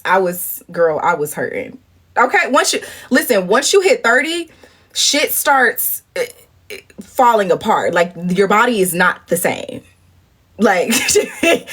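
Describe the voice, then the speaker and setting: A woman in her thirties hosts a casual livestream, her voice slightly husky and breathy. She tells stories with lots of animation, shooting up into high, indignant exclamations. Then she drops into low, murmured asides. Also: a bit bright. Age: 30s. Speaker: livestream host. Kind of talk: casual live-stream chat.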